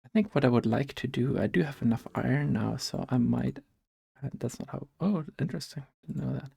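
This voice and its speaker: A man with a German accent talks casually over gameplay, his mid-pitched voice gravelly with fry. He rambles and thinks aloud, full of fillers and restarts, while dealing with allergies. The sound is dry and close. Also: a little fast, mellow, no room sound. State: has allergies. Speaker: gaming vlogger. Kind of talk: casual chat while playing a game.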